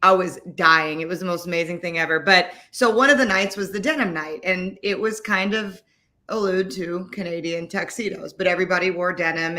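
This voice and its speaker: A woman, co-hosting a casual chat and telling animated stories with some swearing. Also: on the low side. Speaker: co-host.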